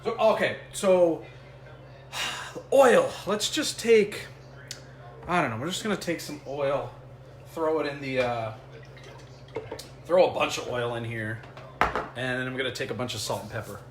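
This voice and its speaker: An American man hosts a casual home cooking vlog from his kitchen, chatting with his live chat, joking and thinking aloud while he cooks. His voice is medium-pitched and measured, with frequent pauses. He sits far from the mic in an echoey room and sometimes wanders away from it, and there is a faint hiss or hum.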